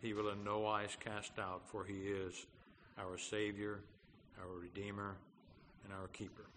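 A male pastor with a lowish, bright, forceful voice preaches earnestly, stumbling through fillers before pressing his points with emphasis. His voice rings with the long reverb of a large church, over a faint hum of background noise. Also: level tone, unhurried. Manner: earnest, with frequent fillers and restarts, rising to emphatic declarations. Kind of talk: sermon.

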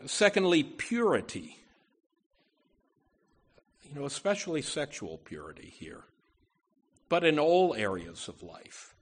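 A man preaching a sermon from the pulpit, earnest and deliberate, often saying "you know" and restarting phrases. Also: a little high, very animated, slightly rough. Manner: slow, deliberate delivery with emphatic rises. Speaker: pastor.

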